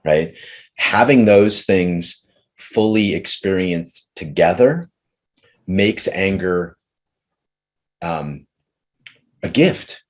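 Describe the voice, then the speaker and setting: A man leading a group session on relationships, talking earnestly and slowly, often restarting his sentences. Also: low-pitched, animated. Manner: earnest, slow and searching, many restarts. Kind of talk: coaching talk with a participant.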